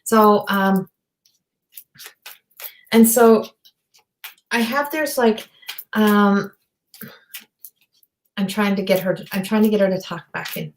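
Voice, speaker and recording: Halting, rambling woman giving a psychic reading. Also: mid-range voice, steady tone, a little hiss or hum. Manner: rambling, halting, many fillers and restarts. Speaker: psychic medium. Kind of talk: live online reading. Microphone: video call or webcam.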